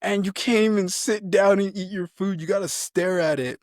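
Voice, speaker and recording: A young adult man, a soldier, telling stories in a casual, animated way, laughing often and acting out what people said. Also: high-pitched, moderate pace, no room sound, studio quality. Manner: animated, laughing, acts out quotes. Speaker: army soldier, podcast guest. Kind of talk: casual storytelling chat.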